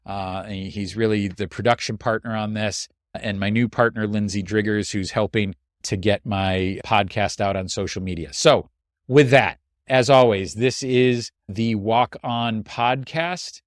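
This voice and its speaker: A man's voice: on the low side, no room sound, clean studio sound. A man hosting his own podcast, talking in an earnest, heartfelt way as he reflects on the past year. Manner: earnest, heartfelt, slow and deliberate. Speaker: podcast host and coach. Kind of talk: reflective solo podcast monologue.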